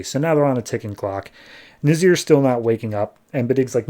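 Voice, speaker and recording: A man's voice: mid-range voice, a little mellow. Man casually recapping comic issues. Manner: retells scenes with quick playful quoted voices. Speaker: podcast host.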